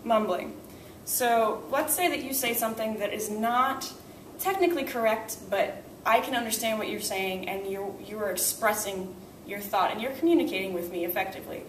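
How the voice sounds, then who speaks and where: A woman's voice: medium pitch, moderate pace, a little hiss or hum. Woman teacher, far off in an echoey room. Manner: explains step by step, asks "right?" often. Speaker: language teacher. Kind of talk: classroom explanation of teaching techniques.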